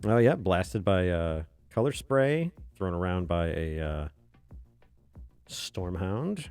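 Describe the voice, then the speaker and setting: With a low, clear, resonant voice, this man speaks slowly yet very animatedly. He's a webcomic artist on a drawing stream, rambling, chuckling, and muttering softly to himself as he works, over faint background music.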